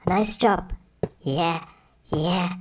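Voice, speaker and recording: A woman voicing an eager little pig in an animated cartoon, urging on with repeated words. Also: fairly low pitch, very slow. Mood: excited. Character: excited little pig cheering on a trap.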